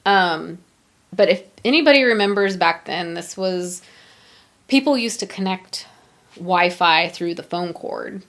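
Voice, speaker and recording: A middle-aged woman hosting a podcast, telling a personal story in a halting, emotional way with many pauses and fillers. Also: lowish voice, lively intonation, a bit bright. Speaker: podcast host.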